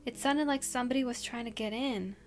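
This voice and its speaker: A woman's voice: on the high side, fairly quick, close to an everyday voice. A woman reading the lines of a scared young woman on a date, anxious and pleading, in a storybook reading.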